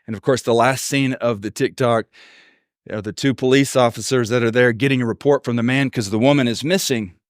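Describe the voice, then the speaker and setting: Recorded dry and at studio quality, a Texan pastor preaches in a steady, mid-range voice that runs a little fast. He tells stories, acting out the voices of the people he quotes.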